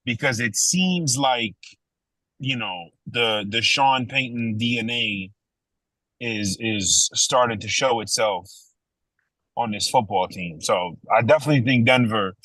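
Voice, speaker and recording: A man's voice: lowish voice, a little slow, a bit bright, no echo, low-quality recording. A man co-hosting a casual sports podcast, talking emphatically and playfully, repeating words for effect. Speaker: podcast co-host.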